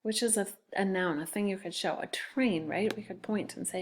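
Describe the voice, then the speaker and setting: A woman's voice: medium pitch, moderate pace, a little hiss or hum. A woman teacher giving a recorded phonics lesson to second graders, patiently sounding out words letter by letter.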